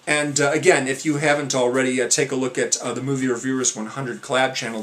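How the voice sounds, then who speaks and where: A man's voice: mid-range voice, level tone, fast talker, hardly any pauses, fairly bright tone. A man casually rambling through a monthly movie rundown for his vlog, full of fillers and restarts, a bit out of breath. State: out of breath, dry throat. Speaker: movie vlogger.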